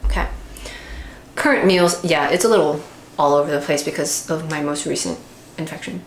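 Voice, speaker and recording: A woman's voice: low voice, steady tone, moderate pace, long pauses. A woman talking candidly in a casual vlog monologue, animatedly acting out her own inner voice. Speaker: vlogger. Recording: echoey room with faint background hiss.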